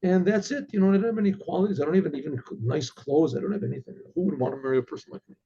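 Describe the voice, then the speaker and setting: A penniless young male scholar pleading that no one would marry him, voiced by a man telling a story. His voice sits high but sounds dark, gravelly and husky. It comes through a dull, lo-fi recording. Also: very fast. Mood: humble, pleading. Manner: self-deprecating, pleading. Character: poor humble young male Torah scholar.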